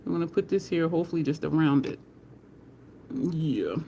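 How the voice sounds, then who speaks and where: A woman's voice: low-pitched, expressive, normal speed, vocal fry, dark tone, a little hiss or hum. A middle-aged woman, chatting and laughing with her viewers as she does her makeup live. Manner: chatty, laughs often, greets viewers by name. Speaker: makeup livestream host. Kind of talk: casual livestream chat while doing makeup.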